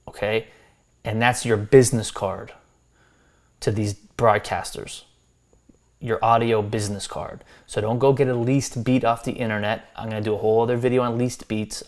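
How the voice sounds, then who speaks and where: An American man reviewing subscribers' music, talking loosely with restarts and friendly advice. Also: fairly low pitch. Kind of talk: casual spoken critique.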